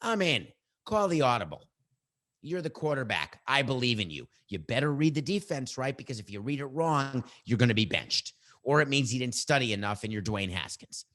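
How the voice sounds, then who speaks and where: A middle-aged man hosting a sports podcast, giving his opinions in a combative, animated way and bantering with his producer. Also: medium pitch, moderate pace.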